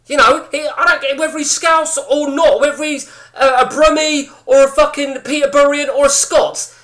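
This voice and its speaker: Male streamer, high and bright-toned; blunt, rambling, profane live-chat banter. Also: steady tone, moderate pace. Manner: rambling, blunt and heavily sweary. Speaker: game streamer chatting with viewers. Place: indoors at home.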